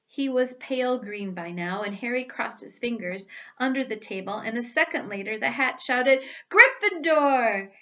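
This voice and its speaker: A woman reading a storybook aloud with careful, expressive delivery. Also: medium pitch, muffled recording.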